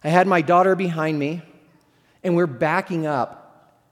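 Middle-aged pastor guy, kinda high voice, chatty funny sermon, long echo from the hall. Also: fairly even intonation, measured pace, long pauses. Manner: conversational storytelling with humor.

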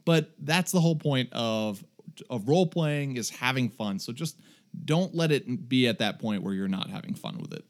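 A man co-hosting a tabletop gaming podcast in casual chat, talkative and quick to laugh at himself. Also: mid-range voice, lively intonation. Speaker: podcast co-host.

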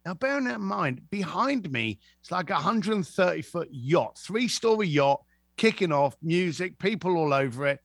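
A man's voice: high-pitched, moderate pace, gravelly, dry recording, clean studio sound. A man telling anecdotes as a podcast guest, acting out the voices of the people in them. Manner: lively, acts out voices in anecdotes. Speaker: guest, author. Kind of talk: animated storytelling.

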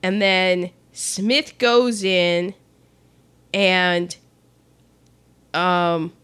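A woman casually recapping a film with a co-host, chatty and quick to laugh. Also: fairly low pitch, a bit bright, clear, resonant tone. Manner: chatty, laughs often, acts out the characters' lines.

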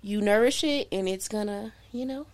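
Animated woman telling a story. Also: medium pitch, normal speed. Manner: animated, addresses listeners as y'all. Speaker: podcast guest, hair oil maker. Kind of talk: casual storytelling chat.

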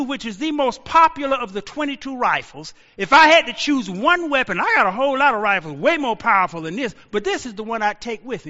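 A man in his sixties preaching a sermon as a pastor, telling stories and shouting out quoted lines. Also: very high voice, big-room sound, highs cut off. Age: 60s.

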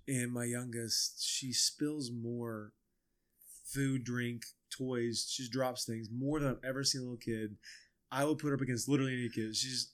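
A young man chatting casually as a podcast co-host, telling animated stories and acting out voices. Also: medium pitch. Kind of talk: casual chat.

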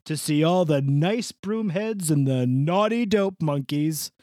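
A man's voice: fairly high pitch, expressive, slow pace, darkish tone, no echo, studio quality. A man playing a foul-mouthed, boastful Santa Claus who rambles and laughs, his voice swooping up and down in a creepy way. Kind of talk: improvised comedy podcast bit.

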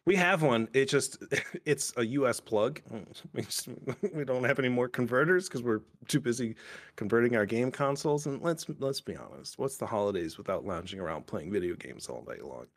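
A man's voice: mid-range voice, lively intonation, moderate pace, creaky. A young man hosting a podcast, chatting casually and rambling with lots of restarts and swearing. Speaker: podcast host. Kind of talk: casual chat.

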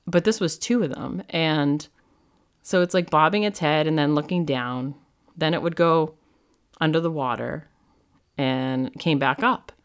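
A woman with a strikingly low, deep voice talks through her own podcast episode. She rambles loosely and casually, and fills her sentences with "like" and "you know". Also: a little slow, clean tone. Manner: chatty and rambling, heavy use of "like". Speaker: podcast host and medium. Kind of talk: casual solo podcast monologue.

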